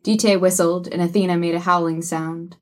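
A woman reading a work of fiction aloud with wry, even storytelling. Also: fairly low pitch, moderate pace. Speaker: narrator. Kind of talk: audiobook narration of fiction.

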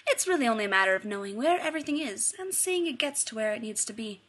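A woman's voice: on the high side, expressive, quick pace, a bit bright. A woman putting on a mild Welsh administrator man. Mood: modest. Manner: mild, businesslike, sing-song.

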